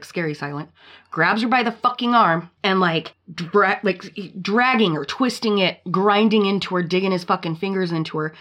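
A woman hosting a casual podcast, retelling a story in a blunt, profane, animated way. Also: fairly low pitch. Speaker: podcast host.

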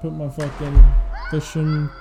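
A man in his twenties co-hosting a podcast, telling a long story in casual, profane chat with plenty of fillers, at low energy. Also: completely flat delivery, a little slow, music in the background. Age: 20s. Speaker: podcast co-host.

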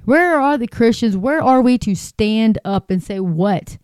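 Heated, mellow-voiced woman ranting. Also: a little high, lively intonation, a little slow, smooth, no room sound, studio quality. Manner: heated, repetitive, rhetorical questions. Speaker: commentator. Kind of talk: angry political rant to camera.

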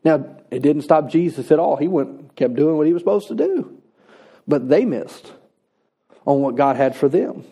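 Male preacher, slightly high, mellow voice, earnest sermon delivery with emphatic slowdowns. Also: animated, slightly rough. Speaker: pastor.

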